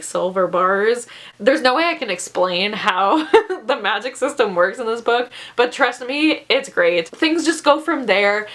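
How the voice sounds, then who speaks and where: A woman's voice: medium pitch, a bit bright. A woman reviewing her favorite books in a casual vlog, emotional and gushing, laughing often and saying "like" a lot. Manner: filler-heavy, says "like" a lot. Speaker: book reviewer.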